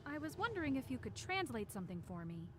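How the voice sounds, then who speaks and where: Penelope, a polite young detective. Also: female voice, sits high, sing-song, fast talker, noisy background. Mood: plain. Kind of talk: video game voice acting.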